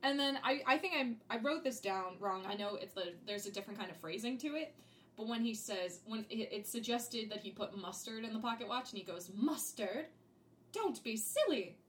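A young woman co-hosting a relaxed podcast chat, her voice sitting a little high. She laughs between thoughts and drops into playful voices when she quotes a line. Her talk is loose and chatty, full of small fillers. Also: brisk, a little hiss or hum. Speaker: podcast co-host. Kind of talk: casual chat.

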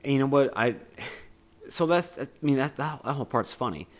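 A man's voice: medium pitch, fairly quick. Chatty man retelling a movie scene. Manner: animated retelling full of "like" and "you know". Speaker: podcast co-host. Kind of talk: casual movie discussion.

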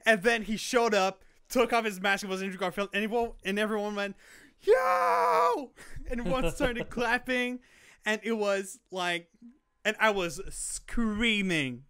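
Young man, casual podcast chat, bright voice, slightly high, excitable, filler-heavy. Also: normal speed, smooth. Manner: excitable, rambling, many fillers. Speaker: podcast co-host.

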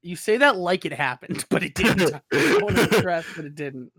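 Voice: medium pitch, expressive, normal speed, a bit bright, breathy edge, dry recording. Chatty podcast host, dry close sound. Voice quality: chatty, laughs often, puts on voices when quoting characters. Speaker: podcast host recapping episodes. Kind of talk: casual podcast recap.

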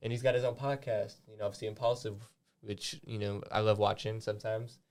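A man's voice: lowish voice, fairly even intonation, fairly quick, a little mellow. A young man co-hosting a podcast in casual chat, rambling with lots of fillers and restarts, and swearing freely. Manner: frequent swearing. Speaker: podcast co-host.

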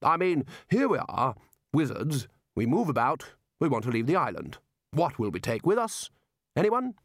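Brief: man doing a bossy, hearty elderly wizard boss, booming and brisk. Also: sing-song, dry recording, clean studio sound. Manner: booming, brisk and cheerfully dismissive. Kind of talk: audiobook character voice.

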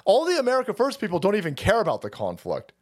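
A middle-aged man hosts a live stream, talking fast in a high-pitched voice that swings wildly in pitch. He rants casually and rambles, swearing heavily and calling his viewers "boys."

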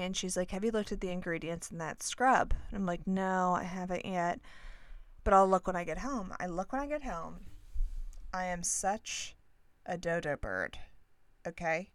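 A woman's voice: medium pitch, clear, resonant tone, no echo. Chatty rambling woman, dry close mic. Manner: rambling, chatty, self-deprecating, with many restarts and asides. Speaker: podcast host. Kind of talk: casual storytelling monologue.

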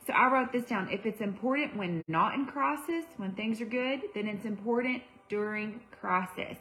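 A woman's voice: mid-range voice, moderate pace, few pauses, a bit bright, rough recording. A young woman giving a livestream devotional to women, conversational, with fillers and self-corrections. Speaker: women's ministry speaker.

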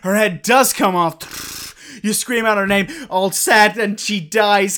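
Man, animated monologue reader, crude, loud peaks. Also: high-pitched, measured pace, few pauses. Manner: animated, swearing, rising to shouts. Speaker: performer. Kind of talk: performing a film monologue.

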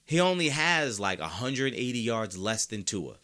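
A man's voice: medium pitch, sing-song, moderate pace, pushed and bright. A sick, congested man hosting a sports podcast, arguing his opinions emphatically and repeating his points for effect. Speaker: podcast host.

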